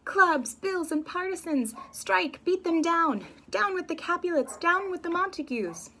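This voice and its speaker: A woman voicing a male town officer who screams orders in a high, strained voice. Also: lively intonation, unhurried, pushed and bright, heavily acted. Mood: screaming.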